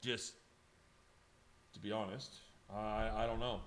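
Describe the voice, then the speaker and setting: A man's voice: on the low side, little pitch movement, slow, fairly bright tone. A man livestreaming from his home studio, talking casually and emotionally to his viewers, rambling and swearing as he goes. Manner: rambling, profane, emotional, talks to chat by name. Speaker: livestreaming airbrush artist.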